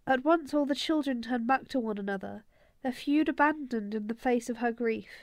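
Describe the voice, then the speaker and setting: A woman narrating an audiobook in a steady storytelling voice. Her pitch sits on the higher side. The sound is dry and close, with no room around it. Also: moderate pace, dry recording. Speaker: audiobook reader.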